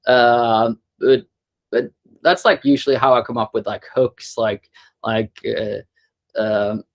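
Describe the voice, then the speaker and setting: A young adult man from Sweden, a guest musician in a casual interview, talking in halting bursts with many fillers and restarts. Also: medium pitch, steady tone.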